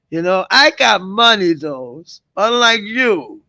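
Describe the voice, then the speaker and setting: A man's voice: high voice, very animated, slow pace, vocal fry, few pauses, sharp tone, no room sound. A middle-aged man vlogging a rambling, profane rant, mocking his targets and chuckling between jabs. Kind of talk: ranting vlog monologue.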